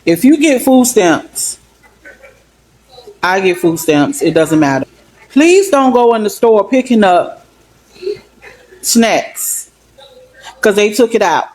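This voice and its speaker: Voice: medium pitch, lively intonation, takes it slowly, long pauses, darkish tone, low-quality recording. A person giving a blunt, scolding warning in a casual phone video.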